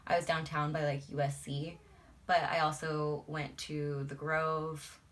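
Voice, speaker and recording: Low-voiced chatty woman vlogger. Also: little pitch movement, unhurried. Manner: chatty, swears freely, laughs often. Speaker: beauty vlogger. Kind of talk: casual chat while doing makeup.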